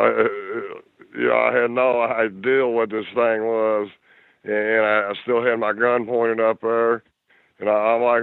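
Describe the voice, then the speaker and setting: A middle-aged man from Kentucky with a Kentucky accent, telling a story in a halting way full of fillers and restarts. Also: mid-range voice, gravelly, dry recording. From Louisville, Kentucky. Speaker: guest telling encounter story. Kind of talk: casual storytelling. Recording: tinny phone line.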